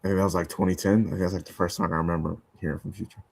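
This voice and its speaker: A man's voice: low voice, little pitch movement, very fast, creaky, slightly rough, no echo. A young man chatting casually on a podcast, rambling with lots of fillers and restarts. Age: young adult. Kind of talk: casual chat.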